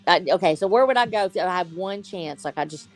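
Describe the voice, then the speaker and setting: A woman from Texas talks in a casual group chat, lower-pitched than most women. She is animated and thinks aloud with restarts. Faint music plays underneath. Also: brisk. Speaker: co-host.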